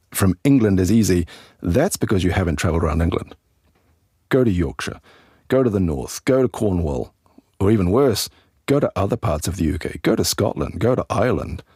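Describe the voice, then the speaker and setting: A man hosting a podcast lesson as an English teacher, explaining in a relaxed, chatty way with asides to the listener. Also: low voice, slightly rough, dry recording, clean studio sound.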